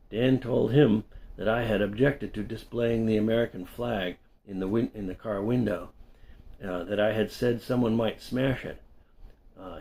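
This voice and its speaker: A middle-aged man reading his own memoir aloud in an unhurried, conversational way with small self-corrections. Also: on the low side, creaky, a little mellow. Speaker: storyteller and English teacher.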